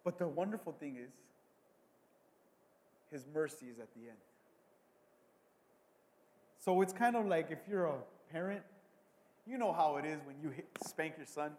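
A man preaching a sermon as a pastor, swinging between hushed asides and loud, emphatic bursts, often repeating words. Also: fairly high pitch, unhurried, long pauses, in a large hall, slight background noise.

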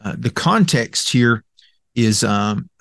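A man's voice: mid-range voice, animated, slow pace, vocal fry, fairly bright tone, no echo, clean studio sound. A man teaching a Bible lesson from slides, methodical, with many fillers and restarts, explaining Greek word roots. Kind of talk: recorded Bible lecture with slides.

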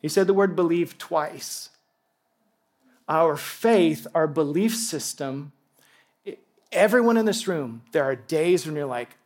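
A man preaching a sermon to a congregation, animated and excitable, dropping from loud bursts to hushed tones. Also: fairly high pitch, unhurried, long pauses. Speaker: pastor.

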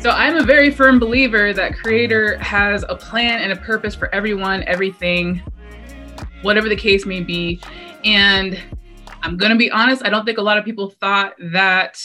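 A woman hosting a podcast, talking energetically and casually, with slang and blunt swearing. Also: medium pitch. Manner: energetic, slangy, says "y'all"; fighter speaking plainly, swears freely. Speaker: podcast host.

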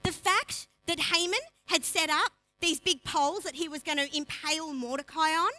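A woman delivers a lively sermon from a pulpit, talking in a casual, conversational way full of asides. Her voice sits high and bright, and she keeps switching into the voices of the story's characters as she retells scripture. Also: moderate pace, poor audio. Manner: animated, acts out dialogue of story figures; chatty, uses "like" and asides. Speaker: preacher.

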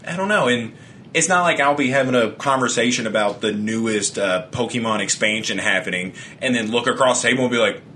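A man in casual chat who rants with lots of swearing, laughs as he talks, and mocks other people in flat put-on voices. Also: mid-range voice, a little fast, slight background noise. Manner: laughs often while talking.

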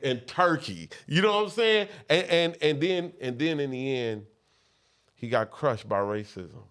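A man's voice: mid-range voice, animated, measured pace, a bit bright, clean tone. A man telling a long story in casual podcast talk, acting out the other people in his tale. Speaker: guest rapper.

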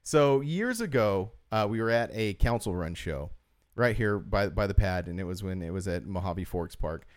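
A man's voice: deep voice, animated, normal speed. A man co-hosting a podcast, chatting casually and telling long stories full of fillers. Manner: rambling storyteller, heavy use of "like". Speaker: podcast co-host. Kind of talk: casual chat.

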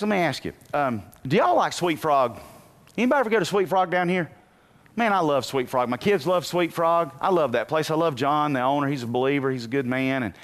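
A man preaching a sermon as pastor, moving from quiet asides to loud bursts and telling folksy, humorous stories. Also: medium pitch.

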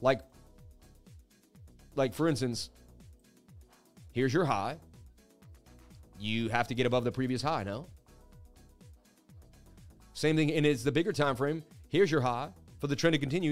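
A man's voice: medium pitch, normal speed, pauses often, faint music behind. A man of about forty hosting a crypto livestream, chatting casually and reading out viewer messages in a hyped, talkative way.

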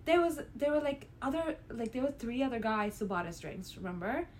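A young woman from Canada co-hosts a casual podcast chat. Her voice sits a touch high, and she tells stories in an animated way, laughing often and swearing freely. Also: brisk, a little hiss or hum. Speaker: podcast co-host.

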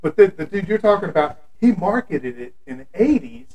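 A man's voice: sits high, big pitch swings, brisk, a little mellow, poor audio. A man co-hosting a casual podcast, blunt and slangy, often calling his co-host dude. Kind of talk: casual banter.

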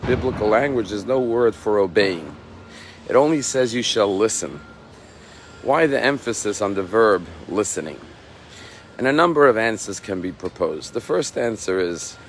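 A rabbi giving a measured, emphatic sermon, slowing down to stress key phrases. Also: male voice, fairly low pitch, a little hiss or hum.

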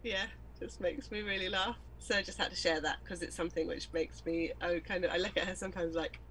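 A woman's voice: lowish voice, fairly even intonation, fairly quick, fairly bright tone, slight background noise, low-quality recording. A woman from Wales co-hosting a casual chat show, rambling off on tangents and giggling often. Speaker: co-host.

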